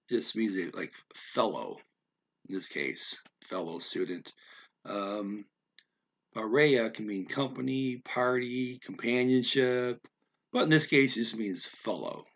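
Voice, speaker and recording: A man explaining words of a story in an unscripted lesson, thinking aloud with many fillers and repeating words slowly to practice how they sound. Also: lowish voice, expressive, fairly bright tone. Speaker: language learner explaining vocabulary.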